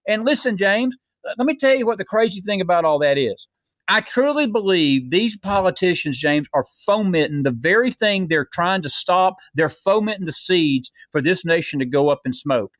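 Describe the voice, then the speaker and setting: A man's voice: high voice, animated, moderate pace, no echo. A man co-hosting a heated political talk show, fiery and preachy as he rallies listeners. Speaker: co-host.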